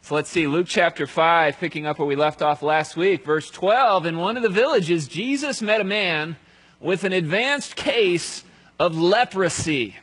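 A male pastor giving a conversational sermon, telling the story aloud and dropping to a hush at solemn moments. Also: on the high side, measured pace, slightly rough, low-quality recording.

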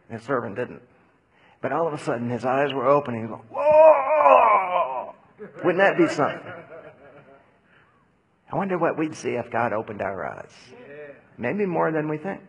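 Husky, animated male pastor. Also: fairly high pitch, poor audio. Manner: animated storytelling, acts out quotes loudly. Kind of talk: sermon with audience Q&A.

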